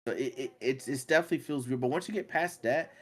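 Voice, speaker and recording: A man's voice: medium pitch, quick pace, slightly rough. Podcast co-host, male, mid-range voice, loose filler-heavy game talk. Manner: rambling, filler-heavy, animated when excited. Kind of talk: casual gaming podcast chat.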